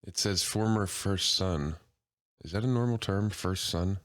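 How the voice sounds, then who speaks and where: A young man co-hosts a casual podcast in a very low voice, recorded dry and close. He laughs a lot and teases in a crude, joking way. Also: a little slow, no room sound. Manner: laughs often, teasing and crude. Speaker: podcast co-host. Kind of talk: casual chat.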